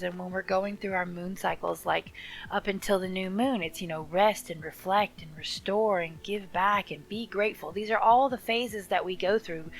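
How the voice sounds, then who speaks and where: A woman's voice: medium pitch, gravelly, a bit bright, rough recording. A woman giving a tarot reading, speaking earnestly and encouragingly straight to the viewer. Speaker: tarot reader. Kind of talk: casual tarot reading to camera.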